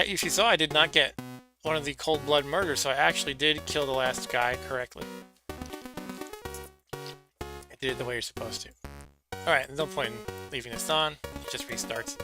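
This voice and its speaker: A man streaming retro games and talking casually over the gameplay. His voice has a gravelly fry and a very bright, hard edge. He jokes at his own expense as he goes. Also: fairly high pitch. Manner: chatty, self-deprecating, laughs at himself.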